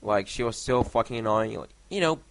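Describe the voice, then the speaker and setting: Over gameplay, a young man vlogs a meandering story, swearing plenty and counting blocks quietly to himself. His voice sits fairly low with some creak, and he sounds expressive and brisk. A noisy home mic picks it up.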